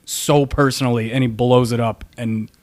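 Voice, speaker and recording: A man's voice: mid-range voice, steady tone, moderate pace. A man speaking as a podcast guest, blunt and dismissive in casual banter.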